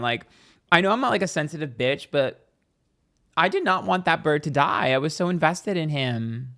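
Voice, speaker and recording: A man's voice: a little high, animated, normal speed, sharp tone. A man in casual vlog chat, telling a story with lots of "like" and acted-out reactions. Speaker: tarot reader and YouTuber.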